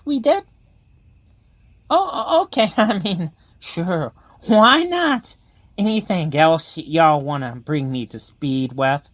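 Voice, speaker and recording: A woman plays a jumpy deputy in a comic horror radio play who stammers and frets. The voice drawls low and gravelly, slow and husky, and swings all over the place. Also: heavily acted, low-quality recording. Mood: bemused. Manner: stammering, fretful, chatty. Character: nervous drawling male Southern deputy.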